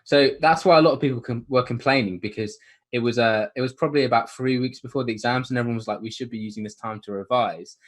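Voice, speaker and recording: A young man, co-hosting a casual podcast, relaxed, laughing often and trailing off. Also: mid-range voice, fast. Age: young adult. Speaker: podcast co-host. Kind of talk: casual chat.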